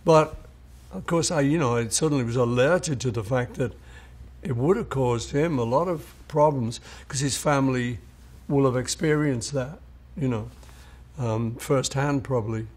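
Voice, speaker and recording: A man's voice: medium pitch, moderate pace, a little mellow. An older man, a songwriter, telling anecdotes in an interview and acting out what people said. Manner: anecdotal, acts out quoted people. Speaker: songwriter recalling his songs. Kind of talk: storytelling interview.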